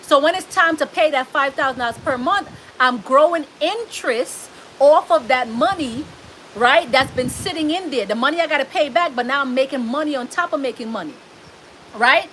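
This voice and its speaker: A woman's voice: high-pitched, normal speed, a bit bright, a little hiss or hum. A woman with a Southern US accent, coaching a live audience on business credit, emphatic and repeating her key points. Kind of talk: live stream Q&A.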